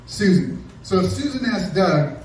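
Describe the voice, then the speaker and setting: A middle-aged male comedian delivers a stand-up set in a sarcastic, deadpan tone. His voice sits a bit high for a man. He is picked up from a distance in a very echoey club room with faint noise behind. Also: measured pace. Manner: sarcastic, deadpan storytelling with crowd work.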